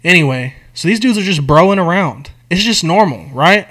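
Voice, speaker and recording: A young man chats casually on a podcast, recounting a film plot with lots of swearing and slang. His delivery is animated and jumps between quiet asides and loud emphasis. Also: high-pitched, normal speed. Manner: animated, profane storytelling with slang. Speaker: podcast co-host. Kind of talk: casual chat, retelling a movie plot.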